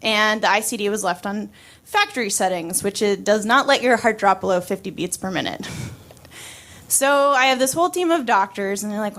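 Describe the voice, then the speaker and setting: A woman's voice: mid-range voice, normal speed, fairly bright tone. A woman in her twenties telling a personal story on stage, chatty and wry, laughing often and using many fillers. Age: 20s.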